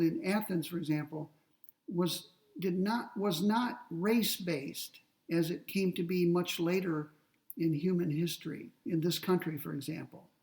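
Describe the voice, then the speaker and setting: A man lecturing on ethics, explaining step by step in a deliberate way and slowing down to read quoted passages. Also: high voice, a little mellow, distant mic, poor audio. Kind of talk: classroom lecture.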